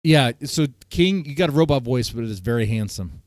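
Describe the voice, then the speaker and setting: A man's voice: medium pitch, lively intonation, brisk, dry recording, clean studio sound. A man hosting a casual stream chat, joking crudely and rambling with fillers. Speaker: host.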